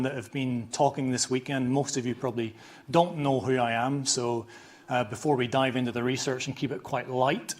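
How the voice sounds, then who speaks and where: A man with a scratchy voice and a Northern Irish accent, giving an informal, self-deprecating conference lecture in a hall, restarting his sentences often. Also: medium pitch. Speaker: conference speaker, chiropractor.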